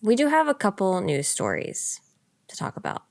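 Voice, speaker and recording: A woman co-hosting a casual gaming podcast, playful and giggly, reading news items in a relaxed way. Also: medium pitch, moderate pace, gravelly, no echo, studio quality. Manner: playful, laughs between remarks, reads news casually. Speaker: podcast co-host. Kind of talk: casual chat.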